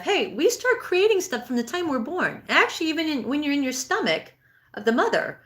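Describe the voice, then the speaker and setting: A woman's voice: sits high, sing-song, a little fast, a bit bright. A woman in her sixties giving a live-streamed spiritual healing talk and answering viewer comments. She speaks earnestly and conversationally, with frequent restarts. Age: 60s. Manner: acts out inner thoughts in a raised, pleading voice.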